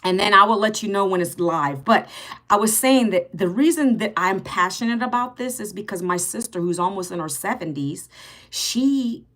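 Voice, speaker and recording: Woman, 50s, live stream host: chatty, answers her chat by name, middle-pitched, blunt with hecklers. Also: normal speed, fairly bright tone. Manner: chatty, greets and answers viewer comments by name; blunt and sarcastic with rude commenters.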